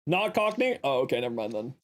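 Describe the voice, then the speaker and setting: A man's voice: medium pitch, fast, slight background noise. A young man chatting casually with viewers on a game stream, playful and teasing. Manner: playful, teasing, joking deadpan bits. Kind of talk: casual live-stream chat.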